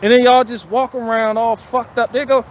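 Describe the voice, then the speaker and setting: A man's voice: very high voice, level tone, normal speed, a little hiss or hum. A man ranting profanely and bluntly on a live stream, circling back over his phrases. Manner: repetitive, restarting phrases. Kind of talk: casual live-stream rant.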